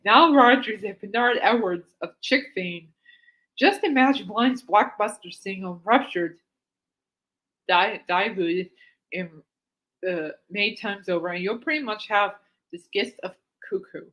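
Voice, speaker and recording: A woman's voice: medium pitch, a little slow, fairly bright tone. Giggly woman podcast host, reads articles aloud with amused asides, snort-laughs.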